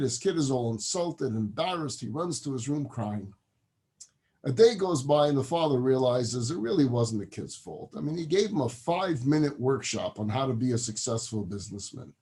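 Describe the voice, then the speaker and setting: A man's voice: medium pitch, normal speed. A man, a rabbi, telling a parable in a class and acting out its characters. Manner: animated, acts out the parable's characters. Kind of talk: storytelling lecture.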